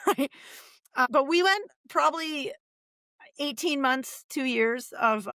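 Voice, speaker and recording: A woman in her forties, a podcast guest, telling her life story in a lively, animated way and acting out the voices of people she quotes. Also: high voice, slow, no room sound, clean studio sound. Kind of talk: casual storytelling interview.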